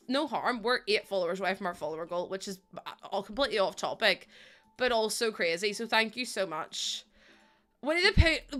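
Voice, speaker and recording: A woman's voice: a little high, pushed and bright. A young adult woman live streaming, chatting casually with her viewers in a giggly, gushing and emotional way.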